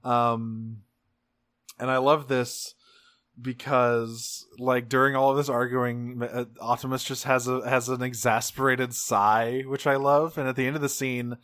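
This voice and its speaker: A man co-hosting a podcast, recapping an episode in a rambling, profane, animated way. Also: medium pitch, unhurried, dry recording, studio quality. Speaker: podcast co-host. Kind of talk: casual episode recap chat.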